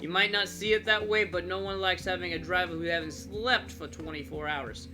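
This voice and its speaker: A man's voice: sits high, fairly even intonation, normal speed, over music, close to an everyday voice. A man voicing a worried, fatherly middle-aged taxi boss with a New York accent, talking business. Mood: earnest. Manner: pushy, talks business.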